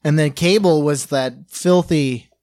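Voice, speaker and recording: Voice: mid-range voice, measured pace, darkish tone, dry recording. A crude, sardonic co-host riffing through a casual movie recap in a mid-range voice. The recording is dry and close, with no room sound. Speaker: podcast co-host.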